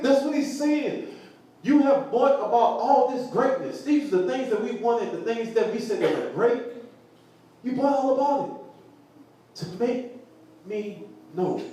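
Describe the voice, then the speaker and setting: A man teaching the Bible to a group, animated and laughing, often asking the crowd questions. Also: extremely high pitch. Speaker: preacher. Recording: echoey room from far off, faint noise.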